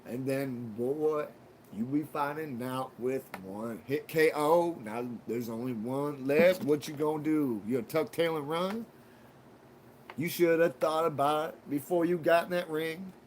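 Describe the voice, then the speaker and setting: Male livestream host, somewhat high voice, casual profane rambler. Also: unhurried, a little mellow, a little hiss or hum. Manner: rambling, crude and joking, heavy swearing.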